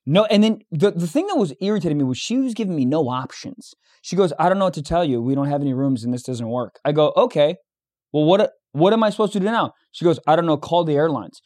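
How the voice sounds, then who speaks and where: A young man with a high voice tells a story fast as a podcast co-host in casual chat. He's an animated, profane storyteller who acts out the dialogue.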